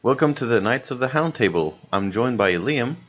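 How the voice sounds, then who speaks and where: A man's voice: mid-range voice, animated, moderate pace, highs cut off. A man hosting a casual podcast, laid-back and hesitant, laughing often. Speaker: podcast host. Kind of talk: casual chat.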